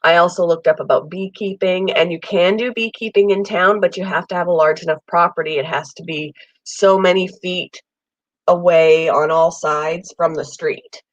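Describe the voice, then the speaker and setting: A woman's voice: lowish voice, fairly even intonation, normal speed, no echo, dull audio. A woman with a cold hosting a casual pet chat at home, rambling with lots of ums and an occasional cough. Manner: rambling, friendly, many ums. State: has a summer cold, coughing. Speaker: pet channel host. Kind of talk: casual live chat with viewers. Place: home room with air conditioner.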